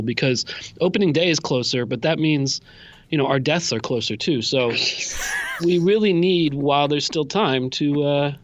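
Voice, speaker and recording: A man contributes to a casual podcast chat with dry, mock-solemn humor. His voice sits at a mid pitch, and the recording sounds slightly dull. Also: fairly bright tone, dry recording.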